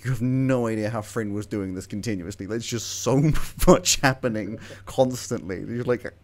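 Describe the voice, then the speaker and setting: A man's voice: lowish voice, moderate pace. A young man running a tabletop game as game master, joking and laughing often as he narrates.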